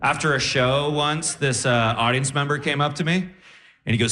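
A man's voice: on the high side, moderate pace, sharp tone. A man performing a stand-up comedy routine, telling a story with acted-out voices. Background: audience laughter.

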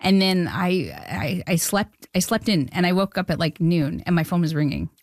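A woman film director, a guest in an interview, telling a story excitedly, acting out what others said and laughing often. She sounds like she is in a studio. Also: lowish voice, normal speed, no room sound. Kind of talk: anecdote in interview.

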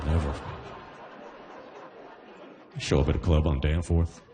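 A man's voice: very deep voice, little pitch movement, slow pace, dark tone, some chatter behind. A Caribbean man performing a stand-up comedy set in a loose, conversational way. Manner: loose, conversational delivery with frequent "you know what I mean".

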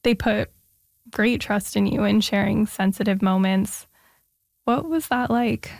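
A woman's voice: medium pitch, measured pace, vocal fry, darkish tone, no echo, studio quality. A woman hosting an interview, asking thoughtful and encouraging questions. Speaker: interviewer host. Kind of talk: podcast interview.

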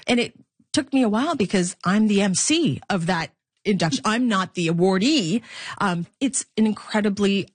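Animated woman sportscaster, dry sound. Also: moderate pace, dry recording. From Philippines. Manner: animated, laughs often, acts out quotes in a higher voice. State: slightly choked up. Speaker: sportscaster and guest. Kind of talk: conversational interview.

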